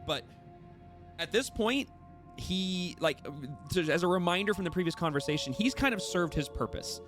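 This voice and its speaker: A man's voice: high voice, expressive, normal speed, over music. Rambling male dungeon master. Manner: rambling, many fillers and restarts. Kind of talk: narrating a tabletop game.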